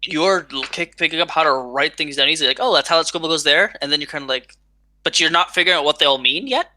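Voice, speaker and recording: Game master, quick delivery, very bright tone, loose chatty narration. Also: mid-range voice, dry recording. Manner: loose, filler-heavy narration.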